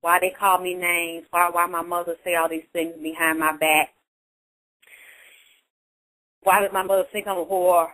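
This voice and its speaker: A woman's voice: fairly low pitch, level tone, bright, forceful tone, voice pushed down, rough recording. Woman acting out a hurt, stammering daughter. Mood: hurt, pleading. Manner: pleading, stammering, rapid complaints. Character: hurt grown daughter, pleading and bewildered.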